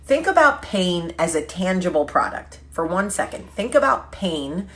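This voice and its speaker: A woman hosting a casual vlog chat, telling stories with quick asides and self-corrections. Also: lowish voice. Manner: chatty storytelling with quick asides; lively, laughing, self-correcting. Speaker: vlog host.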